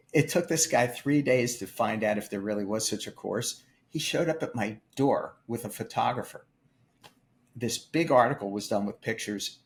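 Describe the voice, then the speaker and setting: An older man telling a story from his own life with emphatic energy, acting out the voices of the people he quotes. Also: on the low side. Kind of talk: animated storytelling. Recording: faint music behind.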